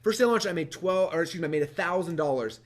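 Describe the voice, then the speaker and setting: A fast-talking man with a fairly high voice tells his story from a stage. He is animated, acts out his past self in quick quoted lines and laughs often. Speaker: speaker. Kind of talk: energetic stage talk.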